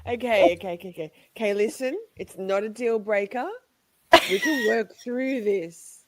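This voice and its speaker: A woman's voice: a little high, normal speed, no room sound. A woman hosting a live stream, chatting casually with viewers. She is playful, laughs often, swears freely and talks straight to her audience. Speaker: livestream host.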